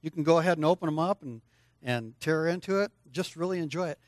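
A man's voice: a little high, quick pace, no room sound. An older man preaching to children in a church service, coaxing them to join in and answer aloud. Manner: lively, coaxing, speaks straight to children. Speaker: preacher leading a children's lesson. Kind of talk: sermon with audience participation.

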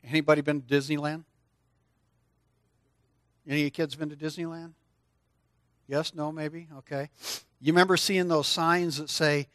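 A man's voice: on the high side, moderate pace, pauses often, no echo, studio quality. An older man preaching to children in a church service, coaxing them to join in and answer aloud. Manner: lively, coaxing, speaks straight to children. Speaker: preacher leading a children's lesson. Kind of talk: sermon with audience participation.

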